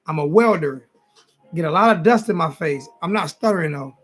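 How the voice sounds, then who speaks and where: Late at night, a sports talk host in his forties streams casually, addressing his chat head-on while wearily rambling and going over the same ground. His voice sits on the high side, fairly quick and a bit bright with lively intonation, and faint music plays behind him.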